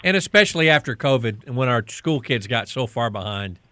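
A man co-hosting a talk radio show, speaking in an emphatic, deliberate way. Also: medium pitch, expressive, sharp tone, dry recording. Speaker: radio co-host.

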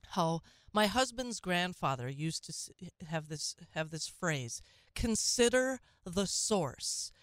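A woman's voice: lowish voice, no room sound, clean studio sound. A woman hosting a call-in talk radio show, speaking conversationally with frequent restarts and asides.

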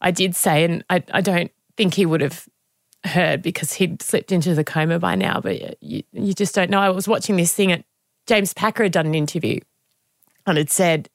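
Woman in her thirties, podcast guest; gravelly edge, dry close sound, reflective and halting. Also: lowish voice, dry recording. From Australia. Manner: reflective, halting, with frequent restarts. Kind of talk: candid conversational interview.

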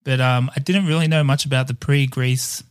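A man's voice: mid-range voice, steady tone, normal speed, clean tone, no room sound. A man hosting a casual podcast chat, laughing often and filling with ums. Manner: chatty, laughs often, fillers. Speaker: podcast host. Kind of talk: casual chat, research recap.

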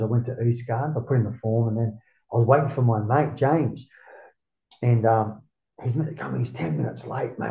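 An Australian man in his forties tells stories freely, his voice gravelly and full of swearing, with bursts where he acts out what he said. The sound is roomy and a bit dull. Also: medium pitch. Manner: swearing, animated, acts out his own past lines. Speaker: interview guest. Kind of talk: casual storytelling.

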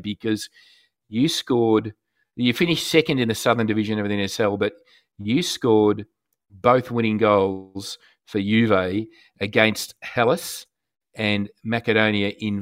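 A man's voice: on the low side, no echo, clean studio sound. A man hosting a radio interview, asking long, detailed questions about a player's career.

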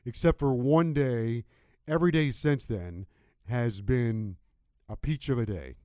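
Relaxed man guest-hosting sports radio. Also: mid-range voice, unhurried, no room sound, clean studio sound. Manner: relaxed, chatty, laughs easily. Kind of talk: casual sports radio chat.

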